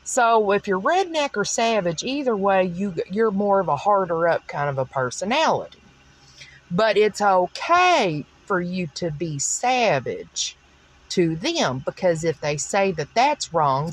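A woman's voice: lowish voice, big pitch swings, unhurried. A woman from the American South with a Southern accent, talking through her opinions in a rambling solo podcast monologue full of fillers. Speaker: podcast host.

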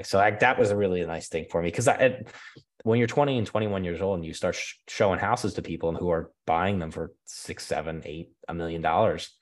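A man in his thirties telling a story in a loose, chatty way, full of fillers and laughs. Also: sits low. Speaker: guest. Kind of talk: casual storytelling.

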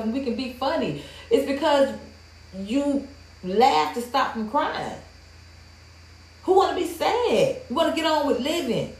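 A woman's voice: high voice, a little mellow. A woman hosting a livestream, ranting in a blunt, profane, heated way to her viewers. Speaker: livestream host. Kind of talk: casual livestream rant. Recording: roomy echo.

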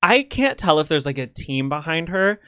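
A man co-hosting a podcast in casual chat, talking in an animated, profane, gushing way. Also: a little high, moderate pace, clear, resonant tone, dry recording, studio quality. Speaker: podcast co-host.

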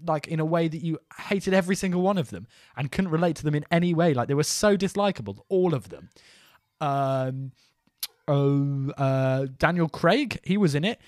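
A man's voice: a little high, dry recording, studio quality. A young man co-hosting a podcast in silly, giggly banter, given to wandering puns. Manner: goofy, giggly, trails off into puns. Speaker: podcast co-host.

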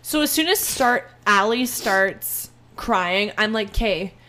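A young woman co-hosting a podcast, telling a travel story in an animated, exaggerating way with plenty of swearing. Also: mid-range voice, slow pace. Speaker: podcast co-host. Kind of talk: casual storytelling chat.

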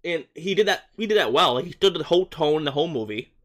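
A man co-hosting a podcast, talking over a film in a casual, rambling way, full of "like" and restarts, and often getting excited. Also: fairly high pitch, fast talker. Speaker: podcast co-host. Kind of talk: casual movie-review chat.

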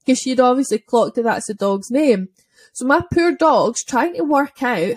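A woman with a fairly high voice tells a long personal story in a relaxed podcast chat. She talks loosely, with lots of "like" fillers, and keeps the story vivid. The sound is dry and close, with no room echo. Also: moderate pace. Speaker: dog owner and podcast speaker.

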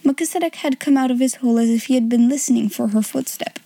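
A woman's voice: fairly high pitch, fast, warm tone, no room sound. A woman hosting an audiobook podcast, chatting casually and reading a children's novel aloud. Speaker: audiobook podcast host and reader.

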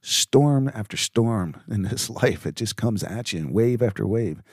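A middle-aged man hosting a reflective faith podcast, speaking earnestly and haltingly with many fillers. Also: fairly low pitch, expressive, dry recording, clean studio sound. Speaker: podcast host.

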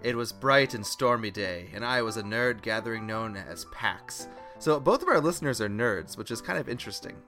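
A man's voice: fairly low pitch, expressive, moderate pace, bright, forceful tone, soft background music. A man doing a sheepish young nerdy guy. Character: young man reading out his own email. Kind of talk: comic email reading on a podcast.

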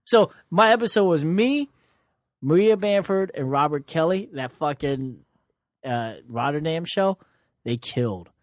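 A man's voice: fairly high pitch, expressive, a little slow, no echo. A young man, a comedian, telling stories in a casual chat in a dry, sarcastic way with a lot of swearing. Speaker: comedian guest.

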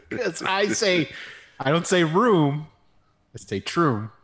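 Laid-back male player, lively pitch. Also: takes it slowly. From Cleveland area. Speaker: player on the show. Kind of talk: casual banter.

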